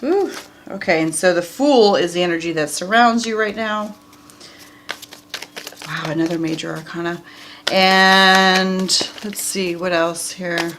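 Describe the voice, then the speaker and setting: A woman's voice: lowish voice, unhurried, background noise. A woman reading tarot cards for viewers in a casual, chatty way, talking straight to them and laughing often. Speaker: tarot reader.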